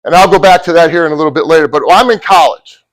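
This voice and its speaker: A middle-aged man giving a motivational talk to college athletes, telling a personal story and swinging from loud bursts to hushed asides. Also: fairly high pitch, fast, rough recording. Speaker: motivational speaker.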